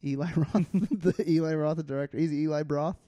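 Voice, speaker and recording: A man's voice: fairly high pitch, fairly even intonation, fairly quick, mellow, no echo, clean studio sound. A man co-hosting a podcast, laughing often in playful casual banter. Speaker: podcast co-host. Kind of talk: casual chat.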